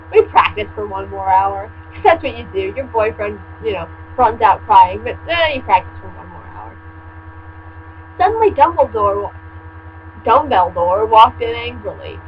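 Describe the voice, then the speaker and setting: A woman reading a story aloud and mocking it with sarcastic, deadpan asides, recorded at home with a steady mains hum behind her. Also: medium pitch, lo-fi sound. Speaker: fan fiction reader and commentator. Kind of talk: comedic reading with commentary.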